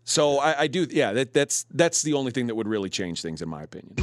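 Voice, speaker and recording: A man's voice: mid-range voice, big pitch swings, fast, hardly any pauses, faint music behind. A man hosting a sports betting podcast, chatting casually as he talks through point spreads and odds.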